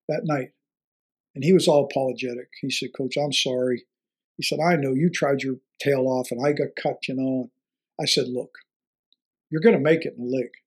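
In an interview, a retired football coach, now an older man, animatedly tells a story, acting out the dialogue and chuckling often. His husky voice sits fairly high.

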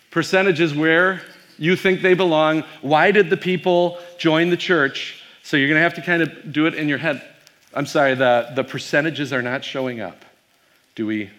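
A man's voice: on the high side, a bit bright. A man, a pastor, giving a casual keynote talk to a youth audience, telling stories with fillers and quizzing the crowd.

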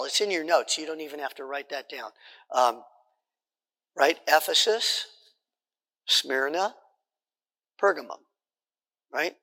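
A man with a bright, forceful voice leads a Bible study, talking in an easy, conversational way and checking in with his class. His voice carries a long reverb from the hall around him. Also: a little high, vocal fry. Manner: conversational, repeats points, checks in with "right?".

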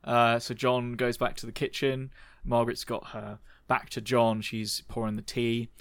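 A man's voice: mid-range voice, flat delivery, normal speed, dry recording. A man narrating a tabletop game as game master, hesitant and full of ums.

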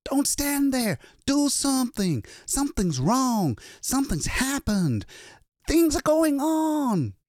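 Man voicing a frantic, shouting shopkeeper. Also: huge pitch swings, unhurried, creaky, no echo, studio quality, heavily acted. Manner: shouting, high and strained. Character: panicked male shopkeeper, desperate and frantic.

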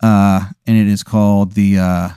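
A man spinning an improvised comic scenario in second person, rambling with many fillers in a deadpan way. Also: on the low side, a little slow, clean tone, no echo, studio quality. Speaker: host running an improvised scenario. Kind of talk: casual comedic storytelling.

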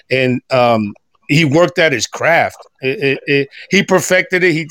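A middle-aged man, guesting on a podcast, talks with feeling in a casual way, halting often, restarting sentences and using fillers. He has a mid-range, fairly bright voice, and there is no echo.

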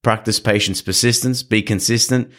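A man with a somewhat low voice talks about training dogs in an easygoing conversation. He coaches earnestly, and he acts out little scenes along the way. His delivery stays practical and encouraging. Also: fairly even intonation, normal speed, fairly bright tone. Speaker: dog trainer. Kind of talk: casual podcast conversation.

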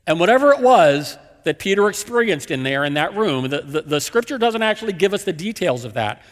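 A man's voice: sits high, very animated, brisk, in a large hall. A man preaching a sermon as a pastor, telling the story with emphatic, repeated phrases.

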